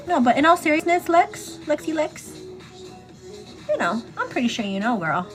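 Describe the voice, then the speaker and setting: High, chatty woman livestreamer. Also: big pitch swings, a little slow, fairly bright tone, soft background music. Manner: chatty, calls viewers "girl" constantly; laughs often, teasing then turning earnest. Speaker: livestream host. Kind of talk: casual chat on a morning get-ready livestream.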